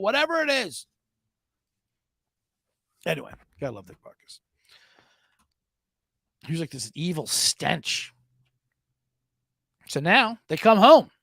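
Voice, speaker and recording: A man's voice: high-pitched, vocal fry, fairly bright tone, dry recording, clean studio sound. A man hosting a sports betting podcast in loose, profane, rambling casual chat.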